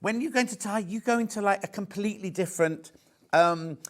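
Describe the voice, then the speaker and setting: A Yorkshire man fronts a live shopping broadcast, gushing over each item and wandering off into chatty asides. His voice sits a little on the high side. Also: a little fast. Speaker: shopping channel presenter. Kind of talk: live sales chat. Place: TV studio.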